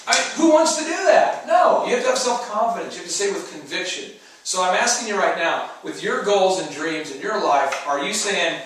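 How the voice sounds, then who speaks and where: A man's voice: sits high, lively intonation, moderate pace, a bit bright. Emphatic man in an echoey room. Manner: emphatic, acts out mock dialogue voices. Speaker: entrepreneur co-host giving advice. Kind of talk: motivational talk show. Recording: echoey room, distant mic.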